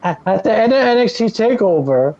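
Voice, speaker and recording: High gravelly man on a lo-fi mic. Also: fairly quick. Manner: animated, profane storytelling. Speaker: podcast co-host. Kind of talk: casual wrestling chat.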